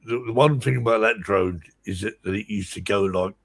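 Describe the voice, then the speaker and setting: A man's voice: lowish voice, brisk, creaky. A man hosting a casual live stream, stumbling and repeating words. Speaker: host.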